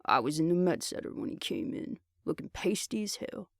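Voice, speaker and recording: A brash young man who ribs his friend without mercy and brags with easy confidence, voiced by a man reading aloud. His voice sits fairly high for a man, with a dry, close sound. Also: very animated, a little fast, gravelly, dry recording, full character voice. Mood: teasing. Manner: teasing, blunt. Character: cocky teasing young man, a survivor.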